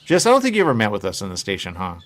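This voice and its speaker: Male host, somewhat low voice, casual rambling chat. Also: huge pitch swings, racing, fairly bright tone. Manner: meandering, chatty, acts out quoted voices. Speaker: show host.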